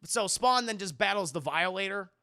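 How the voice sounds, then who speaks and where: A man's voice: high voice, lively intonation, moderate pace, sharp tone. A man reviewing a film on stream, recapping its plot for his chat in a profane, jokey way and acting out the characters. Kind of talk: casual spoiler recap.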